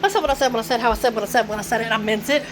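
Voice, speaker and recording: A woman's voice: fairly high pitch, rapid-fire, noisy background. A woman vlogging at home in a rambling, profane rant, laughing between her thoughts. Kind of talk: casual rant to camera. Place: at home, indoors.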